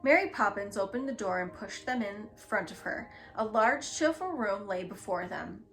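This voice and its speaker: A woman reading a children's book aloud in a gentle, expressive storytelling manner. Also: medium pitch, normal speed, faint music behind. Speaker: storybook reader.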